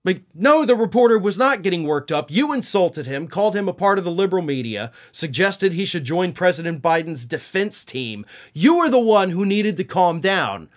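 A man delivering a political commentary monologue in an indignant, sarcastic and scornful tone. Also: sits high.

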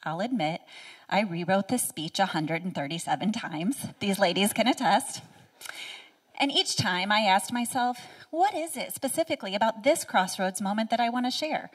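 An earnest woman in her thirties delivers a heartfelt personal speech from an event stage, at a middling pitch. Her voice sometimes sinks to a soft near-whisper. She sounds a little distant from the microphone. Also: animated, normal speed, husky. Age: 30s. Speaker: featured speaker.

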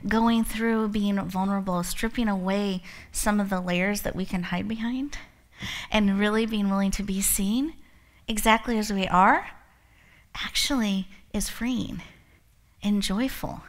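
At a measured pace and in a mid-range voice, a woman hosts an event and gives a motivational talk. She tells personal stories with animation and laughs a lot along the way.

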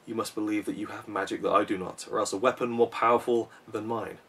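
Guy reading out a sneering dark wizard, cold and contemptuous, lowish voice, mic a bit far off. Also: fairly even intonation, fast talker, husky. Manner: jeering, contemptuous. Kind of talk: reading a novel aloud.

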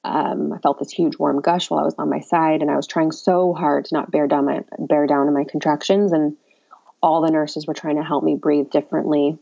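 Gravelly, low-pitched woman telling her story. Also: flat delivery, a little fast, warm tone. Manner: candid, chatty, wry and self-mocking. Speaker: podcast guest. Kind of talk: casual birth story telling. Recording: dull lo-fi audio.

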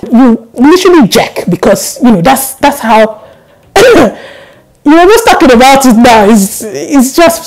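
A young woman vlogger chatting casually to camera, telling stories with animated laughs. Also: on the high side, low-quality recording. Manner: animated storytelling, laughs often.

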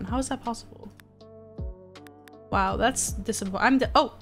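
A woman's voice: medium pitch, brisk, faint music behind. A young woman streaming a life-sim game, chatting casually and sounding exasperated as she pleads with her characters.

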